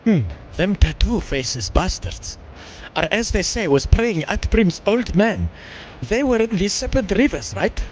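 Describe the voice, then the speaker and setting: A gruff, foul-mouthed quest-giver from a video game, put on by a man reading the lines aloud. He speaks in a put-on English accent, pitched well above the reader's usual voice, with a strange, altered tone. The delivery is rough and clipped. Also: sing-song, unhurried, a little hiss or hum.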